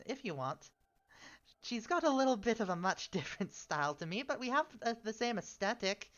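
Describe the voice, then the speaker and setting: A woman's voice: mid-range voice, very animated, a little fast, fairly bright tone, lo-fi sound. A woman streaming a strategy game, giving casual commentary in a fussy, polite way and often sighing "oh dear".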